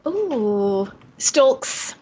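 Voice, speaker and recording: A woman's voice: fairly high pitch, sing-song, drawn-out words, a little mellow, slightly rough. Upbeat English woman, slightly muffled line. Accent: English with Australian touches. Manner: enthusiastic, laughs often. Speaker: guest, vegan tour operator. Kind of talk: casual interview chat.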